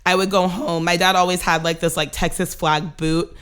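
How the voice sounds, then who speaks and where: A young woman, a comedian, telling stories as a guest in a casual podcast chat, full of "like" fillers and quick laughs. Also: lowish voice, flat delivery, fairly bright tone, clean tone, faint music behind. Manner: fast storytelling with frequent "like" fillers and laughter.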